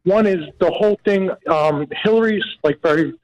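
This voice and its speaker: A man's voice: sits high, moderate pace, dull audio. A man calling in to a radio show, earnest and hesitant, filling gaps with "um" and "like". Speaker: caller. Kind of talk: phone call-in chat.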